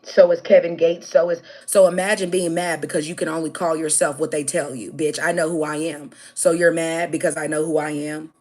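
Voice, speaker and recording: A woman's voice: deep voice, little pitch movement, brisk, hardly any pauses, darkish tone. An American woman hosting a livestream, bluntly and profanely answering her chat and pressing her point with repeated "okay?"s. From United States. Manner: addresses viewers directly, repeating "okay?". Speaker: livestream host.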